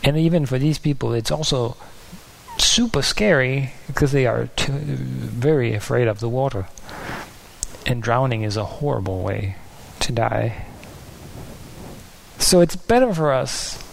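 A man's voice: medium pitch, a little slow, gravelly, a little hiss or hum, rough recording. A man preaching a sermon in an earnest, searching way, sometimes losing his place and restarting.

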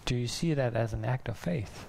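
A man's voice: mid-range voice, moderate pace, creaky, darkish tone. A man preaching a casual, chatty sermon who laughs often, with a faint hiss on the recording. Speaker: pastor.

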